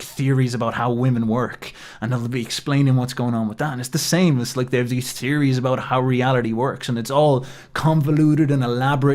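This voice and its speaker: A man giving a heated philosophy monologue. He swears freely, mocks others in sarcastic put-on asides, and keeps up a steady, animated flow. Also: mid-range voice. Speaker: philosophy commentator. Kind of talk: impassioned monologue.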